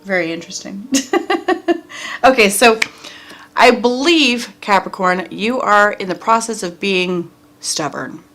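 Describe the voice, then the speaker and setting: A woman's voice: mid-range voice, animated, a little slow, a bit bright. A woman reading tarot cards for viewers in a casual, chatty way, talking straight to them and laughing often. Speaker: tarot reader.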